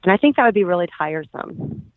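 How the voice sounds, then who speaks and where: A woman guest on a podcast, chatting casually, often laughing and pausing with fillers. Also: lowish voice, expressive, dry recording. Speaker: guest actress. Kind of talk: casual interview chat. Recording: tinny phone-line sound.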